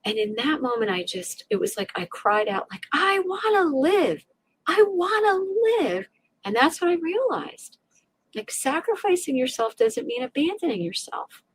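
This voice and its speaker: Her voice runs a bit high with a breathy edge, at a moderate pace. She's a middle-aged resilience coach guesting on a podcast, recounting an emotional experience animatedly, performing her inner voices and often starting over.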